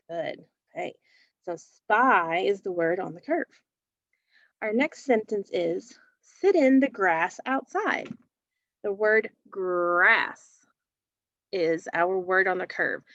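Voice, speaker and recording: A woman's voice: medium pitch, bright, forceful tone, no echo, highs cut off. A woman teaching a phonics lesson to young children, patiently sounding out letters and words.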